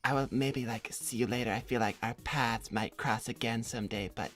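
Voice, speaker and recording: A woman's voice: extremely low pitch, normal speed, soft background music. A woman voicing a laid-back, spacey male teen hedgehog with a drawling delivery in a live role-play stream. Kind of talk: improvised livestream role-play.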